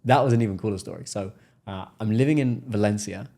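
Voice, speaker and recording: An English man speaks as a podcast guest, his voice sitting a little low. He tells his story with energy and often acts out the people he is quoting. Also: fast, warm tone. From England. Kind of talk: casual interview storytelling.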